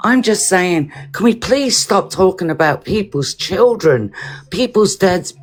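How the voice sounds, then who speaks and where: A woman earnestly pleading for everyone to calm down during a live-stream argument. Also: medium pitch, a little slow.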